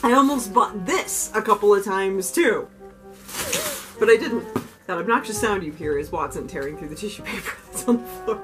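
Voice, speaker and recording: A young woman vlogging as she unboxes gifts, gushing, gasping and squealing with excitement. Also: mid-range voice, normal speed. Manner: gushing, squeals and gasps often, lively and giddy. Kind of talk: excited casual unboxing chat. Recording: music playing underneath.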